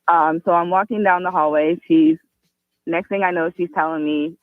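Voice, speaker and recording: A woman calling a radio show for the first time, telling a personal story earnestly and quickly. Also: on the low side, steady tone, dry recording. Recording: tinny phone line.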